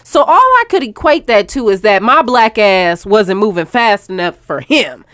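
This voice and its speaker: A young woman co-hosting a casual podcast, telling stories loudly and with lots of profanity. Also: very animated, normal speed, no room sound, studio quality. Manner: loud, profane storytelling with big pitch jumps. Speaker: podcast co-host. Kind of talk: casual chat.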